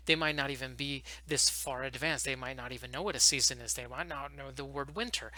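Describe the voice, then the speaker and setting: Fast-talking man coaching new teachers. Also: mid-range voice, lively intonation, bright, forceful tone, dry recording. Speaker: online ESL teacher giving advice. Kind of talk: casual advice video. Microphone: headset.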